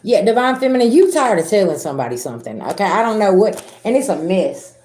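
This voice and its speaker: Woman, Southern American accent, spiritual reader, blunt and profane, mellow voice, echoey room. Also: mid-range voice, sing-song, fast. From Southern United States. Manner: blunt and profane, acts out arguments. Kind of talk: casual tarot reading to viewers.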